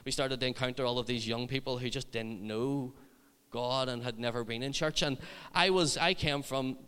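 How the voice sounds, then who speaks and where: A man's voice: medium pitch, moderate pace, bright, forceful tone, smooth. Male youth preacher, chatty and funny, resonant voice with long hall echo. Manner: humorous, chatty anecdotes. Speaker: youth ministry leader. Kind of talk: sermon storytelling.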